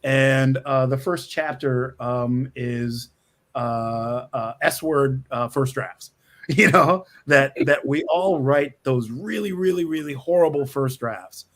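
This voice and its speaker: Man, middle-aged, mid-pitched voice, rambling guest talk, restarts and chuckles. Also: slow, fairly bright tone. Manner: rambling, with frequent restarts and laughs. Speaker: screenwriter guest. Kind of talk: casual interview talk.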